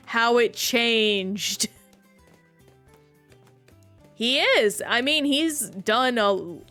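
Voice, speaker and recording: Woman, game streamer, casual rambling chat, unhurried pace, faint background music. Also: medium pitch, a bit bright. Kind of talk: casual live-stream chat while gaming.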